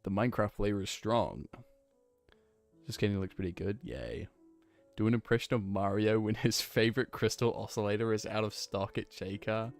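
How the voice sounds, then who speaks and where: Kiwi guy streaming, kinda low voice, rambly and playful, lots of ums. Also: a little fast, faint music behind. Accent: New Zealand. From New Zealand. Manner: rambling and playful, thinks aloud with frequent fillers. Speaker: game streamer. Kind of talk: casual chat while playing and reading chat.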